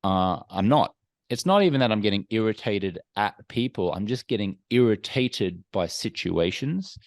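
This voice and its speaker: A man speaking as a podcast guest, talking frankly and reflectively in a measured, self-examining way. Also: lowish voice, lively intonation, no echo. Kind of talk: candid, reflective interview talk.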